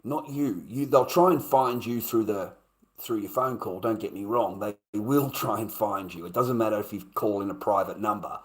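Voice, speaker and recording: A man's voice: lowish voice, normal speed. An Australian man livestreaming, ranting in a blunt, profane way and repeating his points. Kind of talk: casual live stream rant.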